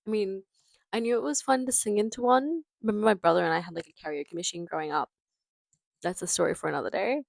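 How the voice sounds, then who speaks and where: A woman's voice: mid-range voice, fast, vocal fry, no echo, low-quality recording. Young woman, Australian accent, rambling, lots of fillers, casual vlog, dry close mic. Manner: rambling, chatty, many fillers. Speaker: vlogger. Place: parked car. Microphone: small handheld mic.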